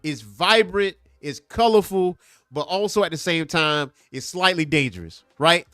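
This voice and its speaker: A man hosting a casual comic book review, talking in an animated, emphatic way and repeating points for effect. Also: a little high, measured pace, no room sound, clean studio sound. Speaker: comic book show host.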